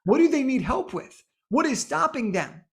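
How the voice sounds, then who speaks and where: A man's voice: very high-pitched, sing-song, normal speed, gravelly. Emphatic man coaching book writers. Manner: emphatic, repeats phrases for effect. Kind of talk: energetic coaching talk to camera.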